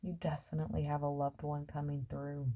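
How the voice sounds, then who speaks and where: Low, soft-voiced woman reading tarot. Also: flat delivery, brisk. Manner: musing, trailing off with fillers. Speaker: tarot reader.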